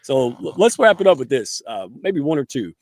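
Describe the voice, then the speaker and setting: A man's voice: medium pitch, very animated, a little fast, a little mellow, no echo, studio quality. A man hosting a podcast interview, folksy and enthusiastic, using homespun words. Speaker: podcast host.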